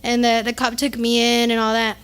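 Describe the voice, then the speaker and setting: Bright high-voiced woman telling a story. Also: fairly quick, smooth. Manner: animated, swearing, laughing through a story. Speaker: podcast co-host. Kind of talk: casual chat, storytelling.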